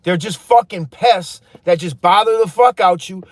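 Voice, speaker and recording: This vlogger, a man in his thirties, has a high-pitched voice and a measured pace. There's no echo as he casually rambles through a heated, profane story, talking to his viewers as "you guys."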